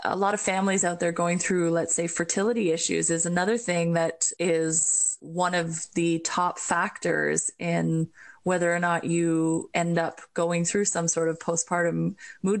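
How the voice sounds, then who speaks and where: A woman who works as a doula, hosting a casual conversation in a thoughtful, rambling way. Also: on the low side. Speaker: podcast host, birth doula.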